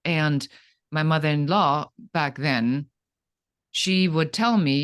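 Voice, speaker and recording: A middle-aged woman, a guest entrepreneur from Germany, telling her story in an interview with dramatic, animated delivery. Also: low voice, takes it slowly.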